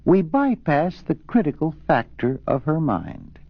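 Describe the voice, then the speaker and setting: A man giving measured, emphatic instruction on medical relaxation, slowing on key words. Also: on the high side, very animated, husky, dry recording. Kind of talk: instructional record narration. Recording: dull lo-fi old record.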